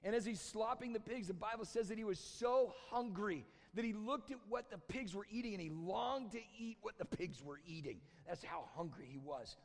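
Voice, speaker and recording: Male pastor, sermon storyteller, bright upper register, big church reverb, swings loud to hushed. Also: high-pitched, expressive, normal speed, hardly any pauses. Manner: storytelling, acting out quoted voices, swings from loud shouts to hushed near-whispers.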